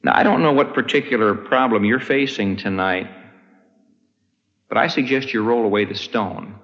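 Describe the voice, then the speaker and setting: A man preaching a sermon. He swings from ringing high peaks down to hushed low endings. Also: moderate pace, big-room sound, muffled recording. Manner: dramatic rises and hushed drops in delivery.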